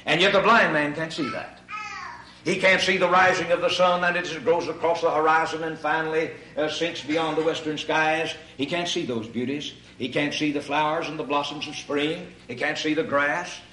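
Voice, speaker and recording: A male preacher delivers a sermon in a bright, somewhat high voice, rising into shouted emphasis and then dropping low again. The sound is echoey and distant, as if he stands well back from the mic in a church hall. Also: steady tone, normal speed, a little hiss or hum. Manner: builds to shouted emphasis, addresses crowd as ladies and gentlemen.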